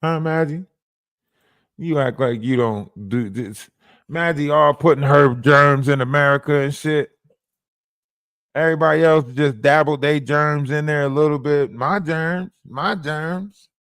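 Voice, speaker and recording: In a profane livestream rant, the host taunts his target, asking "huh?" again and again. His voice is on the high side, a bit bright and a little slow, and the recording is dry and studio quality.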